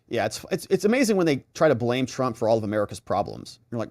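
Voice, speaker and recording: A man's voice: mid-range voice, sing-song, a little fast, dry recording, clean studio sound. A man hosting a live stream, chatting casually and reading viewer comments aloud with sarcastic asides.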